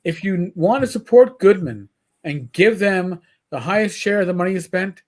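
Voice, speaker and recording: Host, male, New York accent, fairly high pitch, loose rambling delivery. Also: expressive, moderate pace, a little mellow. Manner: rambling, repeats words while talking. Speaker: podcast host. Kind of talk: casual livestream chat.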